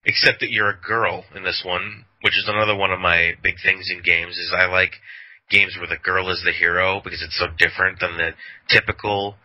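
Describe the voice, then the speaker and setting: A man's voice: low-pitched, little pitch movement, a little fast, pushed and bright. A man co-hosting a podcast, chatting casually and rambling, laughing often. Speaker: podcast co-host. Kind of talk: casual chat. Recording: dull lo-fi audio.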